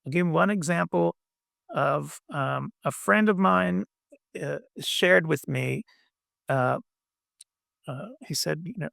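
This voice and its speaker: Meditation teacher, male, gravelly voice, gentle halting delivery, dry close sound. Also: on the high side, dry recording. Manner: gentle, halting, many fillers. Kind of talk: dharma talk.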